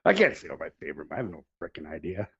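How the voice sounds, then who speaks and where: A man's voice: low-pitched, wildly swooping pitch, racing, vocal fry, a bit bright, husky, no echo. A man on a podcast who jokes crudely and loops back on his own words. His voice sounds dull and lo-fi, with a dry, close feel and no room around it. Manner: joking, crude, repeats himself. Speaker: podcast co-host. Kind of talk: crude casual banter.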